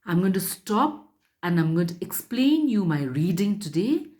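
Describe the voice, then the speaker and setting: A woman teacher reading a story aloud to children and explaining it in a slow, careful, instructive way. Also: on the low side, very animated, dark tone.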